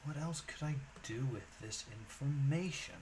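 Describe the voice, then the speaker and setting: A man's voice: mid-range voice, moderate pace, darkish tone, slight background noise, poor audio. Musing man thinking aloud over a puzzle. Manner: musing, hesitant, many fillers. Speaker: streamer. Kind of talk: thinking aloud while solving a puzzle game.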